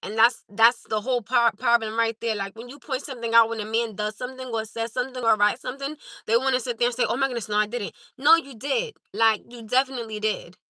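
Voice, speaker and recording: A woman with a high, very bright voice talks straight to her live chat as host. She is emphatic and insistent and keeps driving her points home. The sound is close and dry. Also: steady tone, fast, hardly any pauses, no echo. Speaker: livestream host. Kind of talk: live stream chat with viewers.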